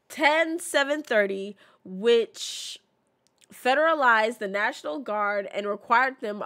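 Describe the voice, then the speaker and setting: A woman live-streaming a game, talking in a casual, chatty way and reading signs aloud with frequent restarts. Her voice sits fairly high and sounds bright, and her pitch moves around a lot. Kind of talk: casual live-stream chat while playing.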